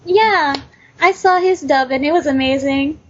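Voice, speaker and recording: A woman's voice: high-pitched, a little slow. A teenage girl being interviewed as an aspiring voice actor, hesitant and filling gaps with lots of ums. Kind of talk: casual podcast interview. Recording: dull lo-fi recording.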